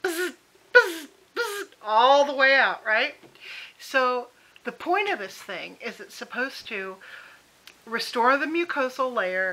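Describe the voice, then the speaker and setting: A middle-aged woman telling a comic story in an animated, exasperated, wisecracking way. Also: medium pitch, rough recording. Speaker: vlogger. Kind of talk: comedic storytelling.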